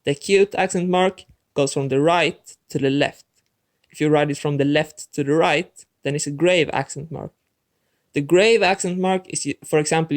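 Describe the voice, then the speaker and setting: This is a man with a voice on the high side. He narrates a scripted language lesson directly to the viewer in a clear, methodical way.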